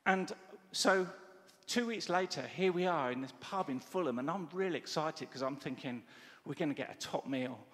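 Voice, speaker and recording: Animated preacher in a reverberant church hall. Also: male voice, on the high side, normal speed, hardly any pauses. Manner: animated storytelling with quoted dialogue. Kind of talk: sermon.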